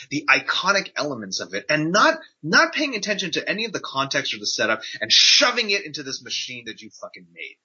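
A man's voice: a little high, bright, forceful tone, breathy edge. A man co-hosting a podcast, ranting with lots of swearing and sarcastic mock quotes. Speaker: podcast co-host. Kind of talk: casual podcast rant. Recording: dull lo-fi podcast audio.

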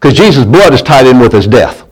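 A man's voice: medium pitch, big pitch swings, a little fast, husky, low-quality recording. A man preaching a sermon, in a folksy manner that keeps asking the congregation to answer back and often stumbles and restarts his words. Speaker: pastor.

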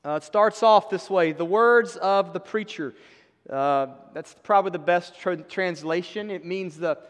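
A man with a fairly high voice delivers a sermon in a church. His talk is conversational and emphatic, with dry asides, and a long reverb trails his words. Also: measured pace. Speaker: pastor. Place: church sanctuary.

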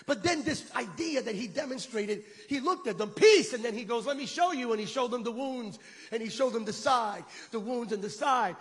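A man preaching a sermon with impassioned shouted peaks, leading his congregation in call-and-response. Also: very high-pitched, moderate pace. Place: church sanctuary. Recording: long reverb of a large hall.

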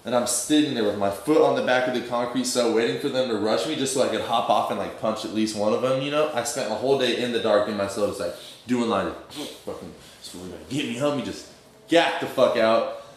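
A young man with a medium-pitched voice talks briskly through a rambling, profane story packed with slang and fillers. It's casual storytelling, recorded in a very echoey room.

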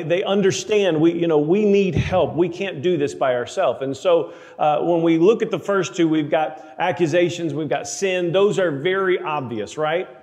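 A man preaching a sermon, emphatic, slowing down to read scripture aloud. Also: a little high, a little mellow, in a large hall. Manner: emphatic, slows for scripture readings.

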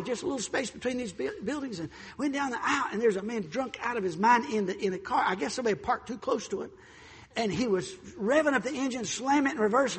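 Pastor, high husky voice, animated storytelling sermon, long hall echo. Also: male voice. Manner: animated storyteller, acts out voices, swings loud and soft. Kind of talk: sermon with personal stories.

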